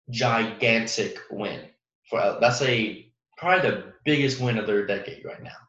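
A young man hosts a casual sports podcast on his own, rambling through fillers and restarts and chuckling at his own jokes. His voice sits at a middle pitch. The recording sounds roomy and a little dull and muffled. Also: a bit bright. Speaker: podcast host. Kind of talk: casual solo sports talk.

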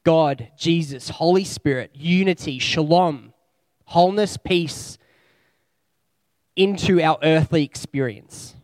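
A man delivering a sermon in an easy, conversational tone, his voice pitched a little high. He talks through his points reflectively and strings out slow lists of words. The sound is close and dry. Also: darkish tone, dry recording. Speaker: preacher.

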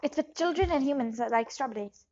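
Woman doing a scammer fake doctor, rambling, shifting accents, high voice, dull lo-fi sound. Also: expressive, fast talker, a little mellow. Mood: scheming. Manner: rambling, keeps switching accents. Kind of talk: improvised comedy interview.

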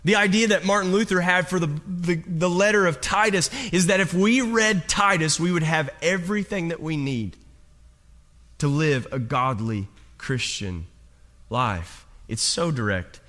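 A man's voice: on the high side, measured pace, sharp tone. A man preaching a sermon to his congregation, telling a personal story with many restarts and repeated words. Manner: speaks straight to the congregation. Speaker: pastor.

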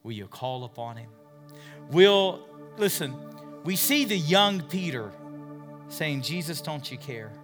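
Impassioned male preacher, loud then hushed. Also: on the high side, animated, unhurried, faint music behind. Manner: preaching with big swings between loud emphatic lines and hushed, near-whispered appeals; asks the congregation questions and repeats words as he builds. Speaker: pastor. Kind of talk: sermon. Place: church.

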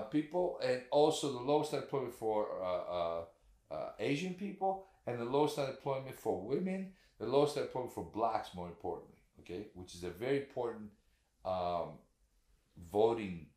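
Male podcast co-host, mid pitch, very lively delivery, swears freely, keeps asking "right?" and "okay?", echoey room. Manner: animated, profane, rhetorical questions. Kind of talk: casual political chat.

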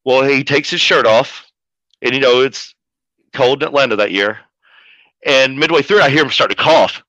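A man who manages pro wrestlers, telling a story as a podcast guest in a profane, animated way. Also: medium pitch, normal speed, dry recording. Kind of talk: casual storytelling. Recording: dull lo-fi audio.

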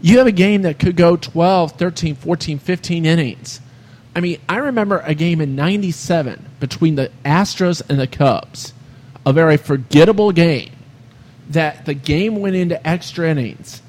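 A man's voice: a little high, normal speed, a little mellow. A man hosting a casual sports podcast, rambling through long baseball stories full of "you know" and "I mean".

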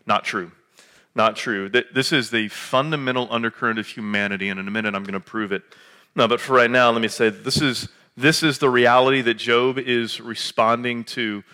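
A man in his late thirties, a pastor, preaching a relaxed, conversational sermon full of jokes and filler words. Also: medium pitch, a little fast. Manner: chatty and joking, lots of filler words.

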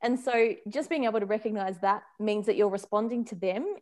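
A woman in her thirties talks as a parenting consultant on a podcast. Her delivery is casual and animated, broken up by easy laughter and restarts. She often acts out small quoted voices to make her point. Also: mid-range voice, a little fast. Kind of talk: casual conversational chat.

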